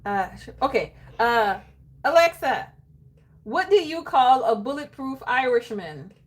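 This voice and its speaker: A woman vlogging casually to her viewers, expressive and exclaiming, who keeps breaking into laughter. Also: high voice, a little slow. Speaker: planner vlogger. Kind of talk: casual chat to camera.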